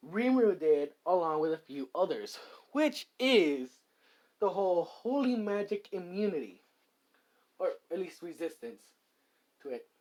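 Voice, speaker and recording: Rambling fan telling a made-up story, lots of likes and um, pitch all over the place. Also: a little mellow. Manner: rambling, many fillers and restarts. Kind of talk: casual improvised fan story narration.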